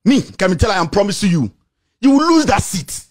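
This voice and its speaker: Ghanaian guy going off in an angry rant, real high voice, shouting insults over and over. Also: sing-song, quick pace. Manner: shouting, insulting, repetitive tirade. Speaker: political commentator.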